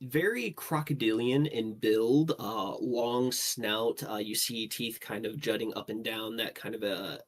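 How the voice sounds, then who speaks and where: Male game master, lowish voice, laid-back filler-heavy scene narration. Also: a little slow, hardly any pauses. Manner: descriptive, loose narration with many fillers.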